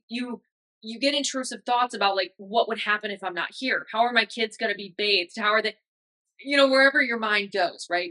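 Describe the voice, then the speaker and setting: A woman's voice: medium pitch, sharp tone, low-quality recording. A woman in her thirties hosting a podcast, talking in a casual, emotional way with many fillers. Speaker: podcast host. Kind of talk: casual reflective monologue.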